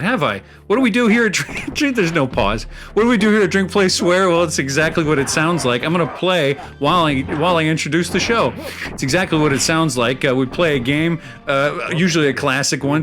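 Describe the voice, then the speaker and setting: A man's voice: on the high side, fairly bright tone. A man hosting a casual show, chatting and rambling through fillers and small chuckles as he plays a video game. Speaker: host. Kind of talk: casual chat while playing a video game.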